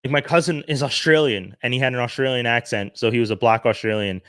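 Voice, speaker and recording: A man from Canada giving an earnest, animated opinion monologue, often restarting his sentences. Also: mid-range voice, fast talker, clean tone, no echo, studio quality. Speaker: commentary vlogger.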